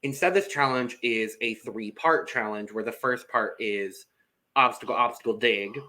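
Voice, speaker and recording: Brief: male co-host, bright and forceful tone, animated and dramatic chat, quick to laugh. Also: mid-range voice. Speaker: podcast co-host. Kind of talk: casual reality TV recap chat.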